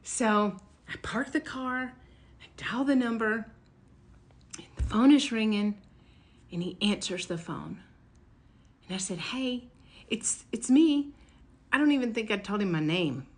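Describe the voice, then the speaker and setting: A woman telling a personal story in a casual, animated way, leaping up in pitch when excited and dropping to a hush for tense moments. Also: a little slow, pauses often. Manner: animated, jumps high and loud when quoting her own excitement; drops to a hush or whisper for dramatic moments.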